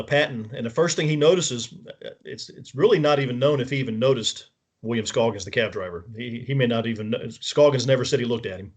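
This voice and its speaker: A man with a middle-range voice talks through events piece by piece as a guest on a show. He often restarts his sentences and corrects himself, and he checks in with the listener as he goes. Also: medium pitch. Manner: detailed step-by-step recounting, checks in with the listener; frequent restarts and self-corrections. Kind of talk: casual spoken walkthrough of events.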